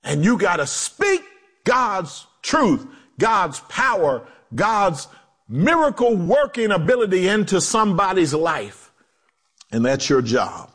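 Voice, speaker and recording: A male pastor preaching a sermon, animated, acting out quotes in low voices and joking with the congregation. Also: takes it slowly, slightly rough. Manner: animated preaching with swooping pitch and dramatic drops.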